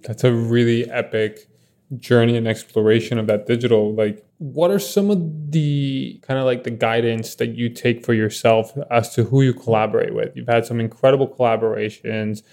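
A man's voice: mid-range voice, steady tone, normal speed, darkish tone. A man co-hosting an interview, asking a casual question after listing examples. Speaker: podcast co-host.

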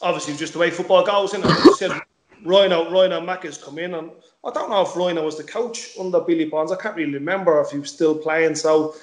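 A man's voice: on the high side, quick pace, echoey room, a little hiss or hum. A middle-aged man, a former footballer chatting as a guest, repeating words and swearing casually. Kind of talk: casual interview chat.

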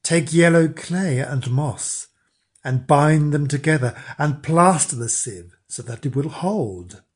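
A man's voice: fairly high pitch, lively intonation, slow, breathy edge, heavily acted. A man voicing a solemn helpful well spirit.

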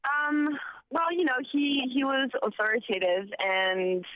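A young woman calling into a radio show by phone, warm and relaxed with many fillers. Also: sits high, a little slow, no echo. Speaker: caller, guest on phone. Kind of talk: radio interview. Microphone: telephone. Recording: tinny phone line.

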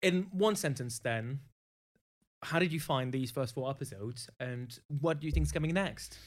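A man's voice: mid-range voice, normal speed. A man hosting a podcast in casual chat, playful, leading the questions and the sign-off. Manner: playful, runs the segments and the sign-off. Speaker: podcast host.

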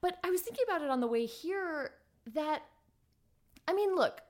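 A woman in her thirties from Los Angeles, a podcast guest chatting casually with lots of laughter and playful quoted voices. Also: normal speed. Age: 30s. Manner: animated storyteller, laughs often, jumps into high quoted voices. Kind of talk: casual chat.

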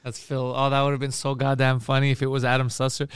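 A man's voice: mid-range voice, monotone, fast talker, smooth, no echo, clean studio sound. A male comedian chatting on a podcast, joking around and slipping into silly voices. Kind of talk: casual podcast chat.

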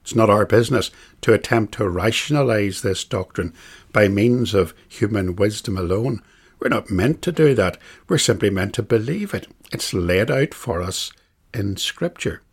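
A man teaching a catechism class on a bible passage, speaking in a measured, emphatic way and repeating phrases for stress. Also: on the low side, lively intonation, breathy edge.

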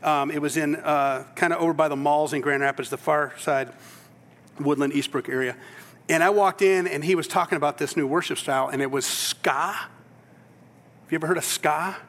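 This is a preacher with a high voice, telling Bible stories with lively energy and acting out the people in them. His tone is bright and forceful. The sound carries a long reverb from a large hall. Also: normal speed. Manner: animated storytelling, acts out voices in quotes. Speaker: pastor. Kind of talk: sermon.

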